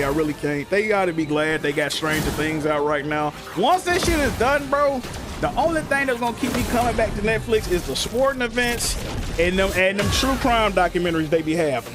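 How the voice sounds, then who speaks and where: High-voiced man ranting over music. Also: brisk. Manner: animated, profane, slangy storytelling. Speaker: streamer. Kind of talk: casual rant on a gaming stream. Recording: music playing in the background.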